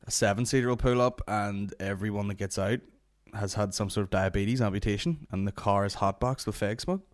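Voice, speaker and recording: A man hosting a comedy podcast, telling stories in a rambling, profane, deadpan way. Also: on the low side, brisk, dry recording, clean studio sound. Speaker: podcast host. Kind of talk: comic podcast rant.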